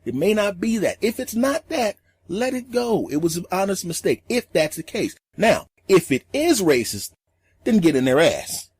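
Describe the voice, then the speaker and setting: A middle-aged male comedian telling a story in an animated, emphatic way, acting out every scene. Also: high-pitched, normal speed, breathy edge, dry recording. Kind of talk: comic storytelling.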